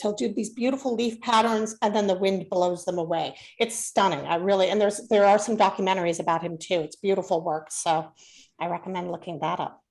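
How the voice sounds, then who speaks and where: A woman's voice: mid-range voice, rough recording. Chatty woman co-hosting a casual talk. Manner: chatty, with hesitant fillers. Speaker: co-host. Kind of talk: casual chat.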